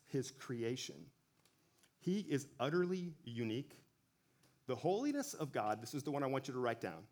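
A man giving a relaxed sermon, talking conversationally with frequent self-corrections and joking asides. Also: mid-range voice. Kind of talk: casual sermon.

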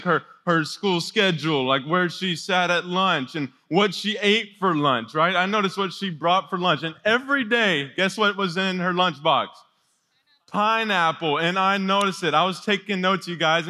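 Bright-voiced young youth pastor in a hall. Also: male voice, a little high. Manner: energetic, chatty storytelling to teens. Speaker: youth ministry coordinator. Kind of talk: youth sermon with personal story. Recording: long hall reverb.

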